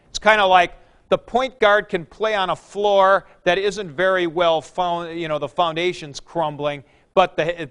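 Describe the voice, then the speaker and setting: His voice sits high, clear and resonant with a fairly bright tone. Lecturing on grammar to a class, the man explains things one step at a time in plain language, using folksy comparisons and regular check-ins.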